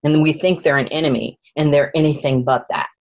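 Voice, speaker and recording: Low-voiced woman sharing emotionally. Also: a little fast, vocal fry, highs cut off. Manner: emotional, searching, repeats words and restarts, voice rising high in emotional moments. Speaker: spiritual teacher sharing a personal story. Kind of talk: heartfelt personal sharing.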